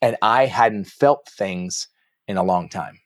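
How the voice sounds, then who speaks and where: Man, podcast guest, low voice, dry close sound, animated casual storyteller. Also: takes it slowly, no echo. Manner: animated, acts out quoted dialogue, casual slang. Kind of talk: candid personal storytelling.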